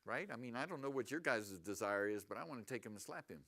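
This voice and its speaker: A man's voice: mid-range voice, quick pace. A man preaching a sermon to his congregation in church, asking them questions often. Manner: animated, asks the congregation questions. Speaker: pastor. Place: church sanctuary.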